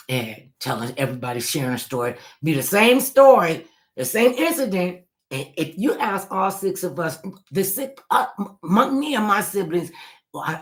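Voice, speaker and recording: A middle-aged woman telling family stories in a casual monologue, animated, acting out quotes and swinging from loud to hushed. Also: extremely low pitch.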